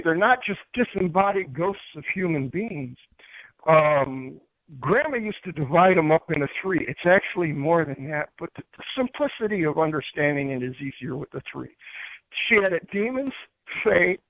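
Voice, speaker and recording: A spiritual teacher from upstate New York appears as a guest, earnestly explaining crystals and spirits in a casual, rambling talk full of fillers and restarts. His voice is on the high side and animated at a moderate pace. The phone-line recording is dry and tinny with no room sound.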